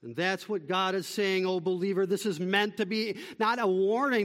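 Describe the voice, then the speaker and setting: A man preaching a sermon as pastor, emphatic, swinging between loud calls and quiet, slow summaries. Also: high voice, steady tone, big-room sound.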